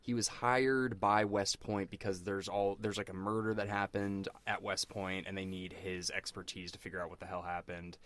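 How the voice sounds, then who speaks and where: A man's voice: deep voice, little pitch movement, normal speed, hardly any pauses, a bit bright, slight background noise. A man co-hosting a podcast, talking in a casual, chatty way with lots of fillers. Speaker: podcast co-host. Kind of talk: casual chat.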